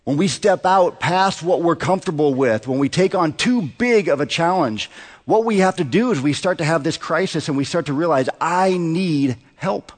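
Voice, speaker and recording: A pastor in his thirties, his slightly high voice lively in intonation and moderate in pace, preaches a conversational sermon laced with rhetorical questions for the congregation. The church sanctuary gives it a long hall reverb.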